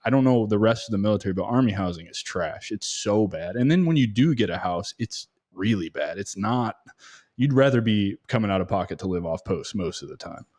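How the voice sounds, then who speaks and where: Male veteran podcast host, low voice, blunt and salty, casual. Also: animated, a little fast, darkish tone. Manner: blunt, swears freely. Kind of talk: casual interview chat.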